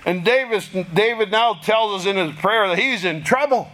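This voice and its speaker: A man preaching a sermon in a slow, deliberate way, pausing for effect and acting out prayers in a pleading voice. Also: high voice, a bit bright. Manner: slow, deliberate delivery with dramatic pauses; acts out prayers in a raised, pleading voice.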